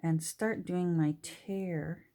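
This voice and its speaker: A woman's voice: on the low side, steady tone, extremely slow, dark tone. A woman from Canada with a Canadian accent, chatting casually and musing aloud to herself while she works on a craft project. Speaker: junk journal crafter.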